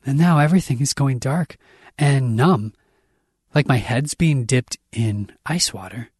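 Slow husky male story narrator. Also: mid-range voice, dry recording, studio quality. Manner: intense, shifts voice for characters' shouts. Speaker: audiobook narrator. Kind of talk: dramatic fiction reading.

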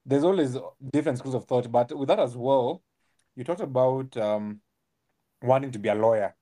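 A man's voice: mid-range voice, normal speed. Laid-back male podcast host. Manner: relaxed, reflective, frequent agreeing backchannels. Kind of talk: casual interview chat.

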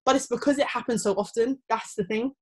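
A woman's voice: a little fast, husky. A young woman, chatting casually and telling stories, often acting out other people's voices. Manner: animated storytelling, acting out quoted people in high voices. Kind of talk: casual chat.

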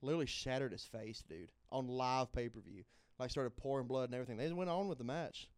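A man's voice: medium pitch, fast, smooth, dry recording. A man co-hosting a podcast, chatting animatedly and telling stories. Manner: animated, storytelling, swears casually. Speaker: podcast co-host. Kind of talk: casual chat.

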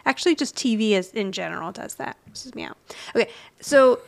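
A woman's voice: fairly high pitch, expressive, vocal fry. Chatty woman recapping in casual chat. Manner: chatty, with quick restarts and little asides. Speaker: podcast co-host.

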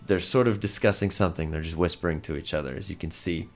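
Gravelly low-voiced man as game master. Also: quick pace, faint music behind. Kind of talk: narrating a tabletop game.

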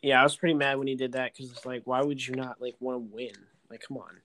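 Man, casual sports chat, rambling, filler-heavy, excitable, mid pitch. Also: fast talker. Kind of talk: casual sports chat while playing a video game.

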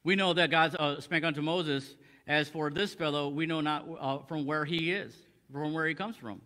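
Bright-voiced man preaching on scripture. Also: on the high side, steady tone, normal speed. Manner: conversational, many restarts, quoting scripture in old English. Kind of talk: expository Bible teaching.

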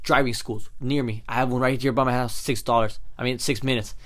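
A young man co-hosting a podcast, telling a story in a casual, animated way, swearing often and saying "bet" again and again. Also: medium pitch, a little fast. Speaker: podcast co-host.

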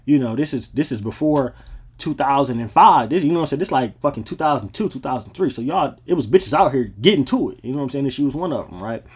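This male podcast host spins casual tales from his life at a quick clip, his mid-range voice expressive, somewhat mellow, and a bit rough. He talks in relaxed slang, often tossing in "you know what I'm saying."

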